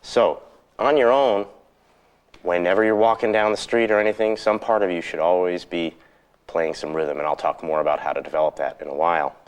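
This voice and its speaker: Male guitar teacher, very low voice, easygoing, counts rhythms out loud for a lesson tape. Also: brisk, slight background noise. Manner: relaxed, counts rhythms aloud. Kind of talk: instructional video lesson. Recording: 1990s instructional videotape.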